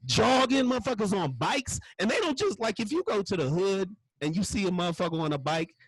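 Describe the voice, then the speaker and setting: A man's voice: high-pitched, lively intonation, fast, slightly rough, no echo, poor audio. A man doing a stand-up comedy set, ranting in a loose, profane way with constant curse words.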